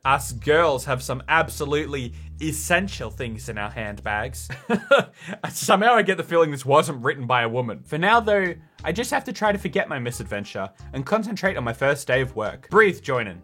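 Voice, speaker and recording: A man's voice: fairly high pitch, moderate pace, breathy edge, soft background music. A man playing through a story game, reading its text aloud and mocking it with sarcastic commentary. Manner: sarcastic, animated, mocking the script. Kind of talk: let's play commentary.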